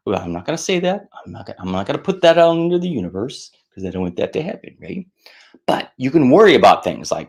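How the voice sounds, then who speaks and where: A middle-aged man gives friendly advice on worry and stress, his voice gravelly and rising and falling with lively swings. He acts out anxious inner voices in a higher pitch and slips in self-mocking asides. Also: fast. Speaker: stress management speaker. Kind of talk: casual advice talk to camera.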